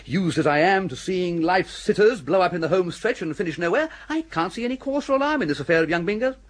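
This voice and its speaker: An actor playing a cheery, scatterbrained young English gentleman with an upper-class English accent who chatters and stammers breezily. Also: sits high, expressive, fast talker. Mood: chatty. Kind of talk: radio comedy drama.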